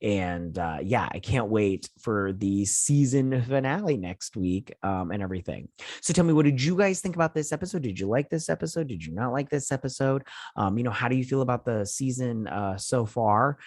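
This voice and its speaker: A man's voice: medium pitch, expressive, normal speed, a little mellow, no echo, clean studio sound. A man hosting a casual TV review, rambling through a retelling full of fillers, quoted lines and mild cursing. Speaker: host of a TV review channel. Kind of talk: casual episode recap and review.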